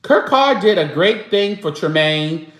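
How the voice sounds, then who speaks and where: Host, man, high voice, unhurried, chatty gospel-music talk with sung snippets, echoey room. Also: lively intonation, fairly bright tone. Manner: chatty, breaks into snatches of singing. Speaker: show host. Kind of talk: casual live-stream chat about gospel music.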